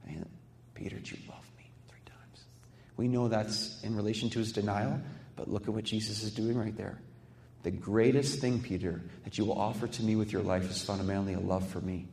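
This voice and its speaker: A man preaching a sermon with passion, dropping to a hush and building to fired-up peaks, acting out quoted voices. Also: fairly low pitch, fairly even intonation, brisk, gravelly. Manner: quotes others in acted voices. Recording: echoey hall reverb.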